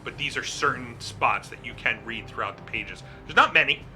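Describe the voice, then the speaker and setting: Bright, sharp-voiced male game master, casual narration, faint music bed. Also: mid-range voice, moderate pace. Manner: casual, laughing, swears.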